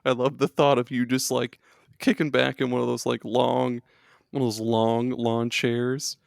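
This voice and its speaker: Male podcast host, easygoing and jokey, gravelly tone, dry sound. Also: mid-range voice, flat delivery, a little slow, no room sound. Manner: laid-back, jokey, laughs often. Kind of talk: casual podcast chat.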